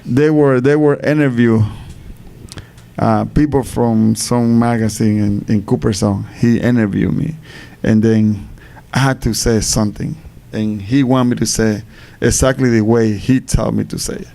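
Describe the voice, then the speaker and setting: A man from Panama, answering fan questions at a live Q&A. He speaks haltingly, repeats words and laughs between answers. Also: medium pitch, fairly even intonation, creaky, dark tone.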